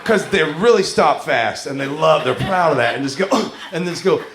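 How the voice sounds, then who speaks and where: Lively comedian in a roomy club. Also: male voice, on the high side, a little fast, hardly any pauses. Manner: animated, breaks into loud singing and character voices. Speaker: stand-up comedian. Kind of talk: stand-up comedy set. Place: comedy club stage with a full house. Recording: roomy club sound with loud music.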